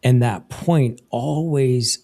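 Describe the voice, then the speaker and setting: A man in his fifties hosts a live interview show and speaks slowly and deliberately. His voice sits at an ordinary pitch, and he gives advice in an earnest, reflective way. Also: creaky, mellow. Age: 50s. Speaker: host.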